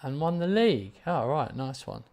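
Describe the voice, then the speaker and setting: A man's voice: fairly high pitch, expressive, normal speed, darkish tone. A man hosting a gaming live stream, chatting casually and rambling in a self-mocking way while answering viewers.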